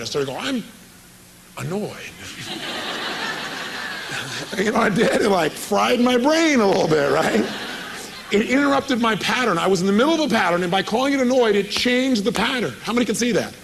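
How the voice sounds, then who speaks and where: A man's voice: sits high, vocal fry, slight background noise, rough recording. A man giving a live motivational seminar, telling a story with energy and quizzing his audience. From California. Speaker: motivational speaker.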